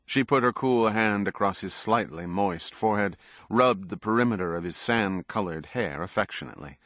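A man reading a novel aloud as narrator, in a measured, even manner. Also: on the low side, no echo, studio quality. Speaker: audiobook narrator. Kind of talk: scripted narration.

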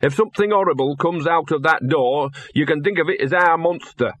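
A man voicing Gaspode, a grumbling husky dog. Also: fairly high pitch, a little fast, a bit bright, no echo, pitched above the performer's own voice. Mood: sardonic. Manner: blunt, slangy and grumbling. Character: streetwise talking mongrel dog, gloomy and sardonic.

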